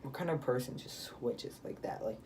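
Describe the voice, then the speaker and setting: Mellow-voiced teenage guy telling a story. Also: mid-range voice, normal speed, creaky, recorded from a distance, a little hiss or hum. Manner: rambling retelling with many fillers and restarts. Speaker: vlogger. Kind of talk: casual story time.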